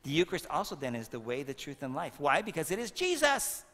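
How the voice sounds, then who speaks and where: A man's voice: a little high, sing-song, quick pace, a bit bright. Playful man in his fifties giving a homily in a church. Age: 50s. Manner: playful, quizzing children with jokes. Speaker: priest. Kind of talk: homily at a First Communion Mass. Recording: long reverb of a church.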